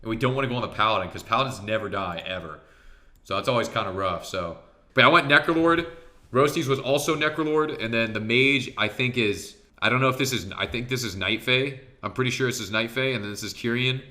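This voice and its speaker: A man giving a casual, excitable commentary on his own match, swearing freely and talking straight to his viewers. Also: medium pitch, brisk. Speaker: professional arena player reviewing his match.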